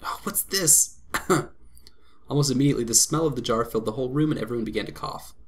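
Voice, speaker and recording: A man hosting a let's play, reading a visual novel aloud with quick laughs and commentary. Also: mid-range voice. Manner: lively reading broken by laughs and asides.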